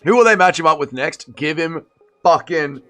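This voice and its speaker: A young man hosting a casual livestream, reacting to a fight and reading chat, excitable and swearing, swinging between shouting and mumbling. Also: on the high side, moderate pace.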